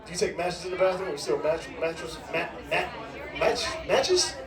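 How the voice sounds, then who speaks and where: A man's voice: fairly high pitch, moderate pace, far from the mic, music in the background. A middle-aged man hosting a stand-up show, doing brash, profane crowd work and teasing the audience. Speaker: comedy show host. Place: large comedy club, live audience. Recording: echoey club room, crowd noise.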